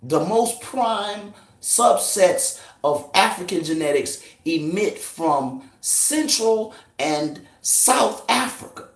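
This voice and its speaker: A man giving a confrontational street lecture, forcefully grilling his listeners with profanity. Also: sits high, lively intonation, slow, hardly any pauses, roomy sound. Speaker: street teacher debating a crowd.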